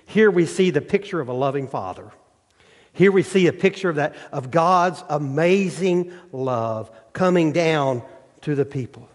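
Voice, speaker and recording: Male pastor, sermon, rhetorical questions, fairly high voice, long hall reverb.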